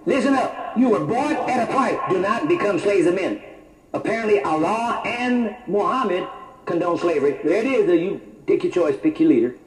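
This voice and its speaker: A man preaching a sermon, quoting scripture slowly and adding mock-approving remarks. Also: sits high, expressive. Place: church. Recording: roomy church hall, faint noise.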